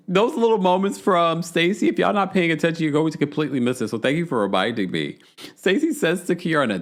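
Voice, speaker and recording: A man hosts a live recap stream, chatting loosely and reading out viewer messages. His pitch swings widely as he jumps into playful quoted voices. He laughs easily between points. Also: lively intonation, a little fast. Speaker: podcast host.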